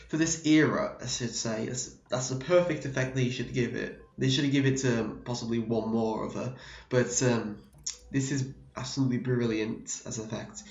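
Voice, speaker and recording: A man from the UK talks through a card game deck in a loose, rambling way, often correcting himself mid-sentence. His voice is a little worn, as if he is slightly losing it. The recording sounds dull and roomy, like a home setup. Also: medium pitch. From United Kingdom. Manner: rambling, self-correcting, explanatory. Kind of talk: casual deck profile explanation.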